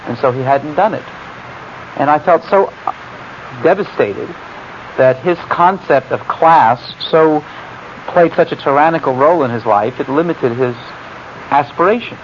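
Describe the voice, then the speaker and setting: A man teaching scripture in a loose, chatty way, wandering into personal stories and asides. His voice sits fairly high for a man. The recording sounds dull and lo-fi, with a faint hiss underneath. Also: unhurried, pauses often. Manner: conversational, digressive, many fillers and asides. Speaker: Bible teacher. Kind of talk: informal Bible lecture with anecdotes.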